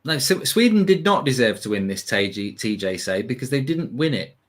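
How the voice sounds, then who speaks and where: An English man co-hosting a live football watchalong, chatting casually with animated, sweary banter and loud outbursts. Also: mid-range voice, a little fast. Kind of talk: casual live match chat.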